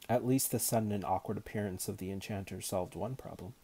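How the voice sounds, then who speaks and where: A man reading a novel aloud as narrator in a measured, unhurried manner. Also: on the low side, warm tone, breathy edge. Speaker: audiobook narrator.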